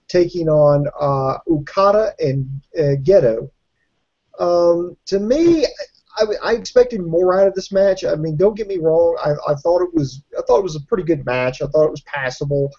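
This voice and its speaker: A man co-hosting a wrestling show, reviewing a match in a measured, hesitant way with frequent fillers. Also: fairly high pitch, warm tone, dull audio. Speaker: wrestling podcast co-host.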